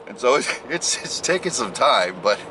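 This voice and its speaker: A man's voice: medium pitch, big pitch swings, normal speed, noisy background. A man talking casually to the camera while driving, rambling and joking at himself. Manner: rambling, jokey, self-deprecating. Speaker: vlogger. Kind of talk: casual driving vlog monologue.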